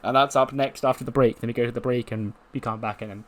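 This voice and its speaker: A man's voice: mid-range voice, fairly even intonation, fast, few pauses, a bit bright. Casual male let's-play host, rambling storyteller. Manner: rambling, full of fillers, laughs now and then. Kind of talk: casual narration of a wrestling sim storyline.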